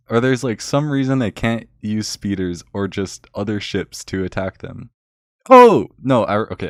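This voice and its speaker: A man's voice: on the low side, dry recording, clean studio sound. A young man recapping a film in a casual, rambling, sarcastic rant full of fillers. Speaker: vlogger.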